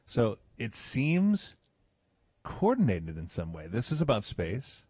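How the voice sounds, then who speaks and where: Low-voiced male radio co-host. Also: wildly swooping pitch, takes it slowly, darkish tone, husky, no echo, studio quality. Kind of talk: casual political talk radio.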